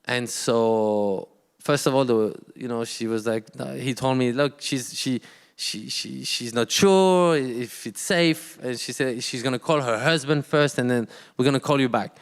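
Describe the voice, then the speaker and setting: Man, smooth resonant voice, halting storytelling, long hall reverb. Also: medium pitch. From France. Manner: halting, many restarts and quoted dialogue. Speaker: artist guest. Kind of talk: storytelling in a live talk.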